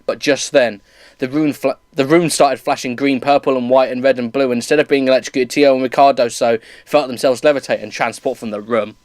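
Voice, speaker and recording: A man's voice: mid-range voice, steady tone, brisk, no room sound. A man reading bad fan fiction aloud for laughs, often breaking into laughter and tripping over words. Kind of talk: comedic dramatic reading with commentary.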